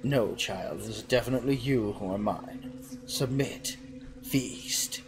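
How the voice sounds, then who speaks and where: A man voicing a cult of cheese-worshipping spirits in a video game, speaking in slow, low, coaxing tones. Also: noisy background. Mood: tempting.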